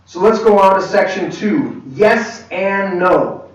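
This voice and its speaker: A man's voice: high-pitched, expressive. Man teaching a class in an echoey room. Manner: conversational, halting with restarts. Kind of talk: church leadership lesson. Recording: echoey room, far from mic, dull.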